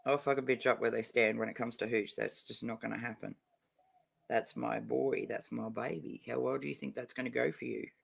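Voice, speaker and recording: A man's voice: mid-range voice, steady tone, fairly quick, vocal fry, slightly rough. A man chatting casually on a livestream, blunt and heavily profane, a little drunk and stoned. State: tipsy and stoned.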